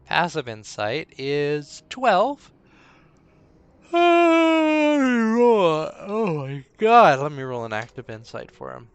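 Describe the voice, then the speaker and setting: Slow, rambling gravelly game master. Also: male voice, a little high, big pitch swings, dry recording, highs cut off. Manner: rambling, with many fillers and restarts. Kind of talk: narrating a tabletop game on a live stream.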